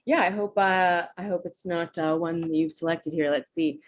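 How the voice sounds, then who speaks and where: A woman's voice: lowish voice, normal speed. A woman taking part in an online class, reading her homework aloud hesitantly, with light laughs. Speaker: class participant.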